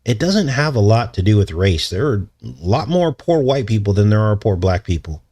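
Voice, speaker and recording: A man's voice: lowish voice, sing-song, normal speed, a little mellow. A man hosting a casual livestream, rambling and chuckling as he answers his viewers' chat. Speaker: channel host.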